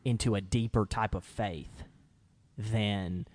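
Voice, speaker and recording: A man co-hosting a casual discussion, talking animatedly and acting out quoted lines with lively shifts in voice. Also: fairly low pitch, slow.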